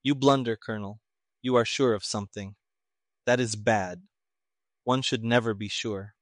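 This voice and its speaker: A man doing a cool, clever investigator who talks in a flat toneless voice, unhurried and even, never rising. it's an audiobook in a dry, close room with no echo. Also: lowish voice, natural voice. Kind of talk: audiobook character reading.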